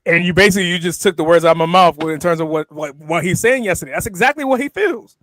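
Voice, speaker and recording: High-voiced man on a dry mic. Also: fast talker, fairly bright tone, no room sound. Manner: recaps events by quoting wrestlers, laughs often. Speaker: podcast co-host. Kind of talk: casual wrestling banter.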